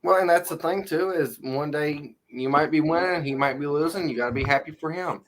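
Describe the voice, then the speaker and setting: A man's voice: a little high, brisk, noisy background. A man joking easily as a co-host in casual banter. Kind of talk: casual live-stream banter.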